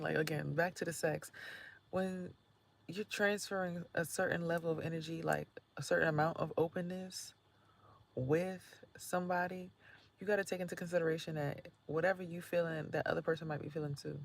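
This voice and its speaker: A woman vlogging in a chatty, slangy way, laughing often and swinging between loud remarks and hushed asides. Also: low-pitched, creaky, a little hiss or hum. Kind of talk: casual spiritual vlog monologue.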